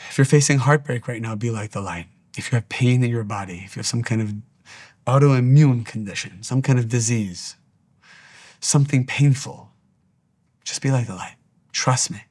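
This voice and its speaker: A man's voice: medium pitch, moderate pace, darkish tone. A man giving a spiritual teaching monologue, speaking earnestly and repeating his exhortations.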